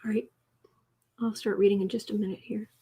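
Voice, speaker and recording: A woman hosting a casual tarot livestream, chatting with viewers, reading their comments aloud and cooing softly to her cat. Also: mid-range voice, little pitch movement, fairly quick, slight background noise. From United States. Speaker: tarot reader and livestream host.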